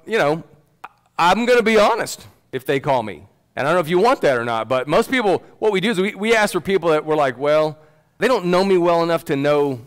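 Man, pastor, preaching, emphatic, chatty asides, slightly high voice. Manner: emphatic, conversational, addresses congregation by name. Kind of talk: sermon. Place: church.

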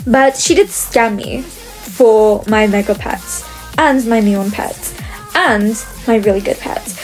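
A young woman commenting on her gameplay to viewers in a chatty, often exasperated way. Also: sits high. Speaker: gaming video creator.

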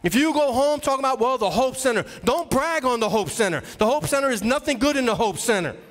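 An associate pastor preaches a sermon in a church sanctuary, his very high voice full of impassioned, pleading fervor, fast and a bit bright with lively intonation. He's emotional, and his voice drops low at times. The church hall gives the recording a long reverb.

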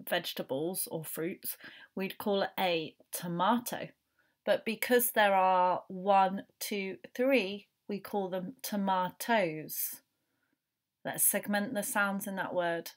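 A woman leads a phonics lesson for young children at a very unhurried pace. She sounds out each letter one at a time, then blends them into the word. Her voice sits at an ordinary middle pitch for a woman. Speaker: teacher.

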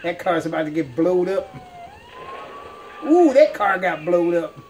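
A man's voice: high-pitched, big pitch swings, unhurried, darkish tone, a little hiss or hum. A man giving playful let's-play commentary, laughing often as he talks. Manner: playful, laughs often, folksy drawl-like phrasing. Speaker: gamer.

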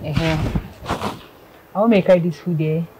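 A woman with a Nigerian accent playing a scolding middle-aged mother who talks in a shrill, sharp way. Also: steady tone, a little fast, background noise, close to an everyday voice.

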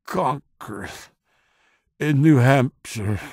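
A desperate captive man cries out in a pitch far above his natural register, voice strained and sobbing with pain. The audiobook recording is dry and close. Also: sing-song, extremely slow, vocal fry, no echo, full character voice. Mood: exhausted. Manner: high strained pleading cries. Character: terrified captive man under torture, begging.

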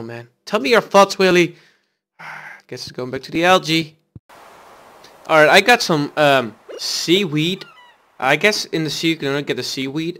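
A man's voice: fairly high pitch, bright, forceful tone. A man giving casual gameplay commentary as a let's play host, reading in-game dialogue aloud and chatting back to it.

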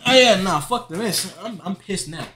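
A man's voice: sits high, lively intonation, moderate pace, background noise. A young man giving angry, profane gameplay commentary, ranting at the game and the referees. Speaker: gaming channel host.

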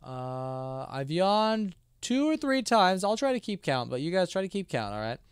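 A man with a high, sing-song voice streams a horror game live, rambling to himself and his chat at a moderate pace while yawning and sounding sleepy. His resonant tone comes through clearly, with clean studio sound and no room echo, in casual live game commentary.

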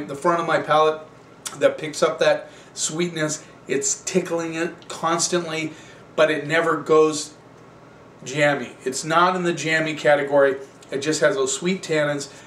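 A man hosting a wine show, tasting and reviewing wines in a relaxed, rambling, conversational way. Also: on the high side, roomy sound, distant mic, a little hiss or hum.

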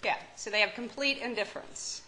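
In a lecture room, a psychiatry professor with a Kentucky accent gives a medical lecture, joking with her audience and putting questions to them in a conversational way. Her voice is a little high, bright and forceful, and she talks a bit quickly. The recording quality is low.

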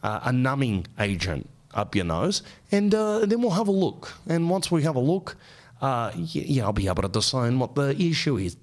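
A man's voice: medium pitch, big pitch swings, moderate pace. A man voicing a breezy, cheerful male ear-nose-throat doctor, chattering reassuringly. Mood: chirpy reassuring. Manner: upbeat reassuring bedside chatter.

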